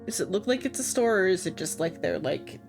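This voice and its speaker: A woman chatting as a player in an online tabletop game, rambling with many fillers and quick to laugh. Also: fairly low pitch, expressive, vocal fry, over music. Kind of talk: casual chat on a live stream.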